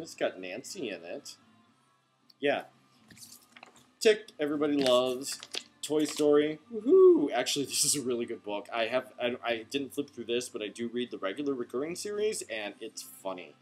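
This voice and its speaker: A man who runs a comic shop, reviewing comics in a chatty, rambling way late at night, tired but enthusiastic. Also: mid-range voice. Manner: chatty, enthusiastic, goes off on tangents.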